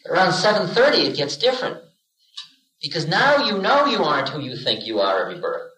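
In a roomy 1970s lecture recording, a spiritual teacher in his forties delivers a playful talk, telling stories and acting out little voices. His voice sits on the high side and sounds sharp, very animated, and brisk.

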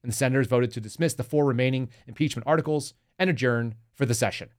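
A man's voice: mid-range voice, fast. A man hosting a political commentary podcast, reading news aloud and reacting with sarcastic, mocking remarks aimed straight at his listeners. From Texas. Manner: talks to the audience directly, reads news aloud. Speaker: podcast host.

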